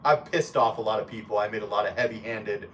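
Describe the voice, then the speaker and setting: A man's voice: on the low side, quick pace, a bit bright, distant mic, a little hiss or hum. Blunt, profane male live streamer. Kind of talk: casual livestream reading chat comments aloud.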